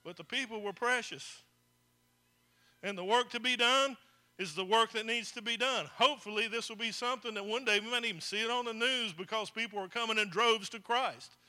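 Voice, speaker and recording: A man's voice: extremely high pitch, a little fast, sharp tone. A man preaching a folksy sermon to his congregation, speaking to them directly. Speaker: pastor. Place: church.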